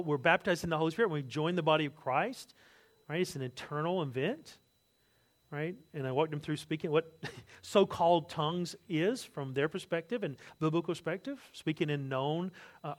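Animated, higher-voiced preacher man. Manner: animated storytelling, acts out quotes, asides and jokes. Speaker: pastor. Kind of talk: sermon.

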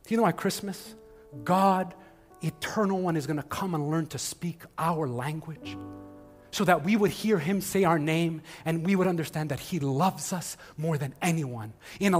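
A middle-aged male pastor giving a conversational sermon in a church, swinging from loud emphasis to hushed asides. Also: high-pitched. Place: church sanctuary. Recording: long hall reverb with faint music.

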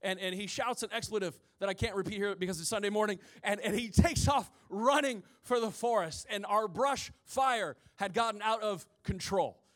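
A man's voice: high voice, normal speed, hardly any pauses, fairly bright tone. A man in his forties, a pastor preaching a sermon to his congregation, telling stories with humorous asides. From rural Midwest of the US. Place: church before a congregation.

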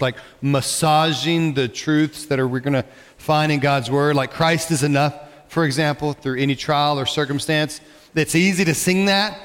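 A male pastor delivers a sermon in a church sanctuary, his slightly high voice carrying a long hall reverb. He talks in a conversational way and tosses questions out to the congregation.

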